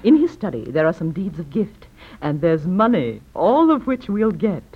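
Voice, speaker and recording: An actress playing a scheming, greedy wife with a breathy, scornful manner, in vintage stage-play style. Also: female voice, fairly low pitch, big pitch swings, normal speed. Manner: scornful, theatrical gasps. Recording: muffled lo-fi old recording.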